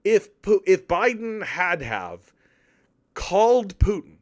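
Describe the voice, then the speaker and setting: A man's voice: high voice, sing-song, slow pace. A man from Canada giving casual political commentary on an article, with profane, sarcastic, exasperated ranting.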